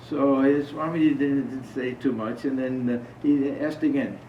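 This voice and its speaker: A man's voice: mid-range voice, fairly even intonation, normal speed, slight background noise. A man giving an informal spiritual talk to a small gathering, telling stories and asking his listeners questions. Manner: conversational, asks the audience questions. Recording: roomy, distant, dull sound.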